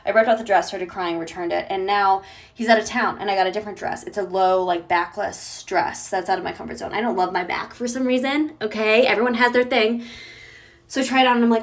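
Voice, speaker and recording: A woman's voice: medium pitch, steady tone, a little fast. A woman telling a storytime vlog in an exasperated, dramatic way, acting out both sides of a conversation. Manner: dramatic, exasperated, acts out quotes. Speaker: storytime creator.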